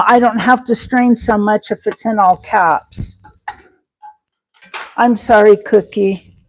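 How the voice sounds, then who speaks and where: Woman, folksy live-stream cooking host, unhurried, slightly high, lots of fillers. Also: a little hiss or hum, rough recording. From Wyoming. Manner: chatty, reads and answers viewer comments aloud; folksy sayings, many fillers. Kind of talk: casual live-stream chat while cooking.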